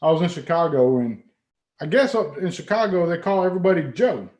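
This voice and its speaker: A man's voice: fairly high pitch, lively intonation, brisk, darkish tone, roomy sound. A man hosting a casual late-night livestream, laid-back and profane, laughing often. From Texas. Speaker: livestream host.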